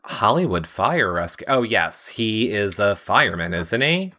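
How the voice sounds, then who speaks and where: A woman co-hosting a casual comedic TV recap, talking in a mocking, animated way and slipping into silly whiny voices. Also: very deep voice, a little slow. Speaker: recap show co-host. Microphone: live-streamed studio mic.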